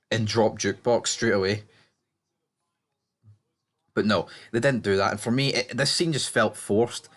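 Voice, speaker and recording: A man casually recapping TV episodes, blunt and rambling, swearing freely and restarting sentences. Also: medium pitch. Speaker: TV show reviewer.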